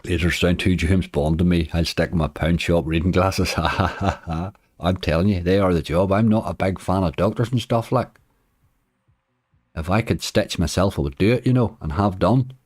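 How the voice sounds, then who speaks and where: Guy, deep voice, chatting away on a slots stream, answering chat. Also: normal speed, darkish tone, no echo, clean studio sound. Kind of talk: casual livestream chat.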